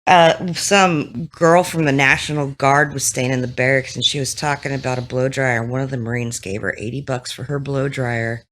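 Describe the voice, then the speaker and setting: Bright-voiced chatty woman. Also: very deep voice, fairly even intonation, normal speed, few pauses. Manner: laughing, chatty storyteller. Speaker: guest, veteran. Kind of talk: casual chat.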